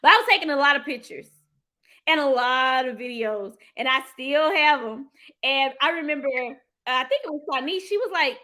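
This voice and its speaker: A woman hosting a motivational live stream. She talks in an animated, heartfelt way, lets out sudden whoops and calls her viewers "y'all". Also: high voice, moderate pace. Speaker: livestream host and financial coach.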